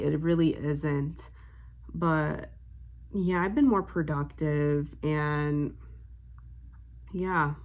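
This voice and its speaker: Young woman vlogger, slightly low voice, rambling storytime chat full of fillers. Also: fairly even intonation, drawn-out words, long pauses. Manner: rambling, heavy on fillers, loses her train of thought; emotional and upbeat, smiling while talking. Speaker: vlogger and spiritual reader.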